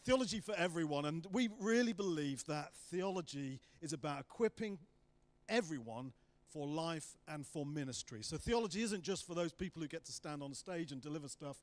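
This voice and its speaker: A man's voice: on the high side, animated, normal speed. A man giving a guest sermon in a church hall, chatty and joking with asides. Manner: jokey and chatty, self-deprecating asides. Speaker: guest preacher.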